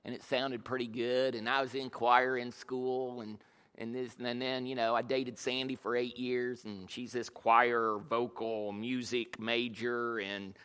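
A man's voice: mid-range voice, level tone, a little slow, fairly bright tone, clear, resonant tone. A man preaching a humorous sermon as pastor, telling jokey self-deprecating stories. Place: church. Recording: long reverb of a large church hall.

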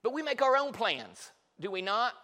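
A man's voice: very high voice, big pitch swings, normal speed, bright, forceful tone. A male pastor preaching a sermon in a church hall, telling Bible stories with passion and lots of repetition. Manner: impassioned storytelling with repetitions. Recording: long reverb in a large hall.

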